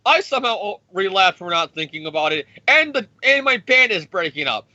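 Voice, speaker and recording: A man's voice: high-pitched, big pitch swings, normal speed, sharp tone, dry recording, dull audio, pitched above the performer's own voice, heavily acted. A man voicing an adult male superhero who is fed up and storms off, ranting in a whiny, petulant way.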